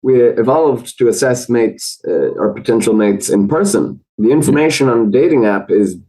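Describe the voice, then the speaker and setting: A man with an Irish accent, a podcast guest explaining research in a thoughtful, measured way with frequent fillers. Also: mid-range voice, animated, warm tone, rough recording. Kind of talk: conversational explanation.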